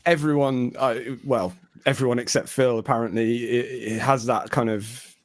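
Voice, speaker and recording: A man's voice: medium pitch, steady tone, moderate pace, no echo. A man chatting casually on a podcast, rambling with lots of fillers. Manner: rambling, hedging with you know. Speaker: podcast co-host.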